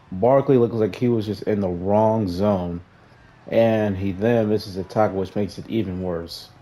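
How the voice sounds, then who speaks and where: Young gaming commentator, male, deep and dark-toned, frustrated running play-by-play of his own match. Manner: frustrated, talks to players on screen, flat sighs between outbursts. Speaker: gaming YouTuber. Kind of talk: casual gameplay commentary.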